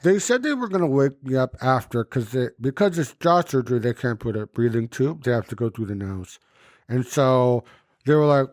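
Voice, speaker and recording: A man co-hosting a podcast, telling animated stories in casual chat and swearing freely. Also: medium pitch, moderate pace, no room sound, clean studio sound. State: recovering from jaw surgery. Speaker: podcast co-host.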